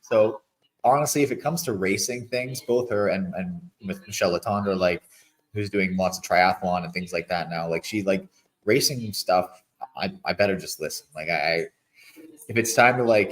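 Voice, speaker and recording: A man's voice: low-pitched, moderate pace, rough recording. A man in his thirties, a guest athlete, talking casually and rambling in an interview with lots of filler words. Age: 30s. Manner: relaxed, rambling, many "like" fillers.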